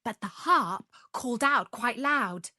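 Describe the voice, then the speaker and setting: Slow, expressive woman reading a fairy tale. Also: fairly high pitch, no echo, clean studio sound. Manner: slow, expressive read-aloud. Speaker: storyteller. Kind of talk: storybook narration for English learners.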